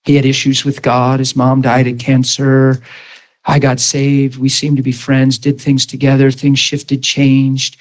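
A man preaching a sermon in a mid-pitched voice, telling a story from his own life. He acts out what the people in it said, and his voice rises and falls as he does. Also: completely flat delivery, measured pace, poor audio. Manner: storytelling, acts out quoted dialogue with rising and falling voice. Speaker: pastor.

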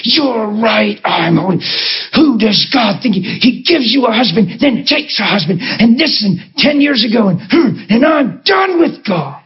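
A man playing a grieving middle-aged wife who shouts bitterly and then weeps. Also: on the high side, big pitch swings, unhurried, lo-fi sound, pitched above the performer's own voice. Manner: shouting, then weeping apologies. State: crying.

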